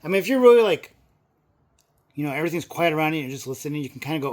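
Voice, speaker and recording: A middle-aged man chats casually on his vlog, wandering from point to point with plenty of fillers. His voice sits a little high for a man. Every so often he bursts out with excitement. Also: very fast, pauses often. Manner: rambling, filler-heavy talk with excited outbursts. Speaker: movie vlogger. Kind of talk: casual chat.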